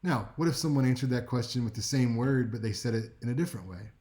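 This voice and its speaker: A male speech instructor gives a recorded class lecture in a mellow, warm tone at a mid-range pitch. He keeps it conversational and wry, often checking in with his listeners. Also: quick pace. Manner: conversational and wry, with frequent "right?" check-ins.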